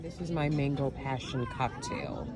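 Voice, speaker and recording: Low-voiced woman vlogger, candid and lively. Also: a little slow, a loud crowd, very noisy. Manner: candid, animated, laughs often. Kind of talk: casual vlog monologue.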